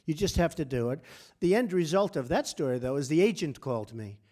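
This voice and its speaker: At a press club luncheon, a guest speaker gives his speech as casual anecdotes into a podium microphone in the hall. His voice is a little high and a little mellow, with lively intonation and a slightly fast pace, and he's boastful and repetitive, speaking in punchy short phrases.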